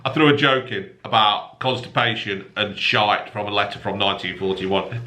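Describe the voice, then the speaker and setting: A man's voice: lowish voice, moderate pace, pushed and bright. A man casually reading out newspaper stories, breaking off into crude, mocking rants with heavy swearing. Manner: swears heavily, mocking asides. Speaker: newspaper review host.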